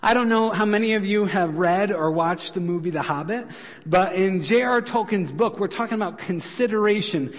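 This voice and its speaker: A man's voice: sits high, moderate pace. A male pastor preaching a sermon in a conversational way, asking his listeners rhetorical questions, in a church sanctuary. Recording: long reverb of a church hall.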